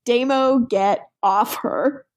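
A woman's voice: on the high side, slow. A woman co-hosting a podcast, recapping a TV episode in casual chat, giggly and sarcastic, acting out quotes. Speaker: podcast co-host.

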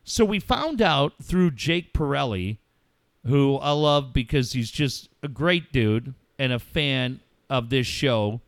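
A middle-aged man on a talk show speaks with emotion, pausing and restarting, with coarse words mixed in. His voice is smooth and resonant. The sound is close and dry, with no room around it. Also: medium pitch, lively intonation, no room sound. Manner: heartfelt, swears freely, halting pauses. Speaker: radio show host.

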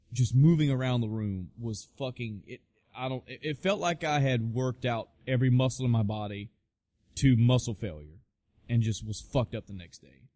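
A man's voice: mid-range voice, a little mellow, no room sound. A man casually telling a personal story, swearing freely and restarting his sentences often. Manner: profane, rambling with frequent restarts. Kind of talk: casual spoken anecdote.

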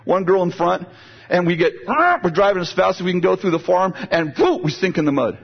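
A man preaching a sermon, telling a lively personal story and moving into prayer, with a husky voice. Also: sits high, a little fast, muffled recording.

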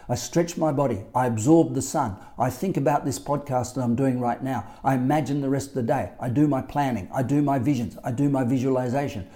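A man's voice: medium pitch, warm tone. A man with an Australian accent, a life coach talking alone on his podcast, emphatic and given to repeating key phrases. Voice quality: emphatic, repetitive. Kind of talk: solo podcast monologue.

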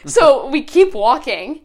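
Young woman, fairly high voice, rambling storyteller, constant "like", casual podcast chat. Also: slow. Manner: rambling, heavy use of "like", animated retelling. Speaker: podcast co-host.

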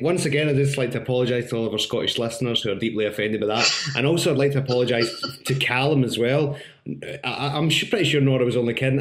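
A man hosting a podcast, teasing his guest with dry humour. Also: mid-range voice. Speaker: podcast host. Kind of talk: casual podcast interview. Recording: echoey room.

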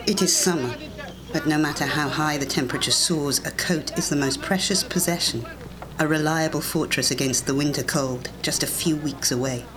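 An audiobook narrator giving a measured, deliberate reading of a scripted story. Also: mid-range voice, crowd noise.

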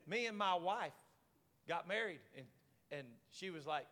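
A man pastor preaching an animated sermon, telling a story with jokes and swinging from hushed asides to loud shouting. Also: high voice, measured pace. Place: large church sanctuary. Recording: long church hall reverb.

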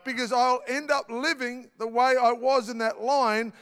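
High-voiced Australian pastor in reverberant hall. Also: male voice, steady tone, normal speed, a bit bright, smooth. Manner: chatty storytelling with many fillers and restarts. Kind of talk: sermon with personal story.

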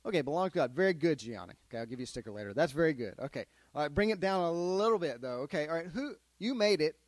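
A man teaching a Bible lesson to a group of children, keeping them involved with steady questions and lively storytelling. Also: fairly high pitch, rapid-fire, no room sound. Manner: asks the kids questions, animated storytelling. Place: classroom with children.

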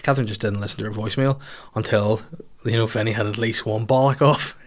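A man's voice: lowish voice, steady tone, fast. A man telling a long, rambling story in casual chat, swearing and laughing at himself as he goes.

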